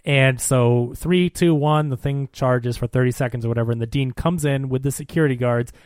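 A man on a casual movie podcast, chatting through the plot and defending his view of the film. He talks in an easy, conversational way, dropping in quick agreeing words, recorded dry and close to the microphone. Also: medium pitch, a little mellow, no echo. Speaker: podcast co-host. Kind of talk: casual movie recap chat.

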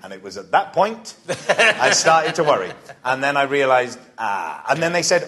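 Animated Welsh man telling stories. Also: mid-range voice, moderate pace. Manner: animated storyteller, self-mocking, acts out quotes. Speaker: podcast guest. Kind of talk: casual anecdotal chat. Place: live comedy podcast venue.

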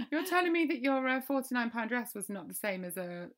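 A woman's voice: a little high, very animated, fairly quick. A woman co-hosting a podcast in casual chat, teasing and giggly. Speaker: podcast co-host.

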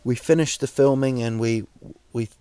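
A man hosting a podcast, delivering a rambling, wry comic monologue full of halting restarts. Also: medium pitch, warm tone, clean tone. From New Zealand. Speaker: podcast host.

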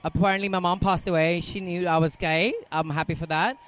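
A man from Denmark in a street interview, rambling warmly in loosely phrased English. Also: high voice, steady tone, fairly quick. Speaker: dancer, parade attendee.

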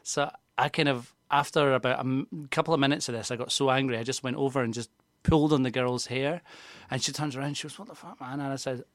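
Scottish male podcast guest, mid-pitched and dry-sounding, rambling anecdotes. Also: fairly even intonation, fast talker, few pauses, no echo. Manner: rambling anecdotal storyteller, swearing. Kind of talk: casual comedic chat.

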